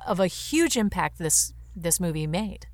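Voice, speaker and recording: A podcast co-host chats casually about an old film in a lowish voice with big pitch swings, at a measured pace. She often restarts sentences mid-thought, and the recording has no echo.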